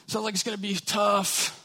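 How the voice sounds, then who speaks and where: A man's voice: high-pitched, little pitch movement, takes it slowly, pushed and bright, voice pushed up, full character voice. A male pastor voicing a reluctant, self-doubting prophet who keeps making excuses in a whiny, hesitant way. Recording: reverberant church hall.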